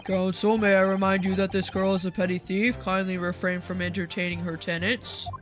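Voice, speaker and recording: A woman's voice: mid-range voice, flat delivery, fairly quick, faint music behind, natural voice. A woman voicing a stern, haughty male prosecutor, speaking in a formal, disdainful, clipped way. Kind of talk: reading game dialogue aloud.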